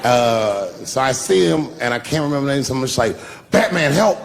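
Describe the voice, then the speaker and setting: Gravelly, profane stand-up comedian. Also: male voice, mid-range voice, a little fast, big-room sound, slight background noise. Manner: profane, animated storytelling with acted-out quotes. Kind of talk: stand-up storytelling.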